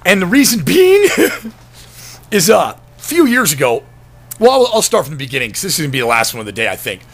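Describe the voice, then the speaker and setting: A man with a high, bright, gravelly voice tells a rambling, profane story straight to camera. His pitch swings widely as he talks, and he keeps chuckling through the tale. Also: huge pitch swings, fairly quick. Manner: rambling, profane, laughs while telling. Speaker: vlogger. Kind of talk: casual storytelling monologue.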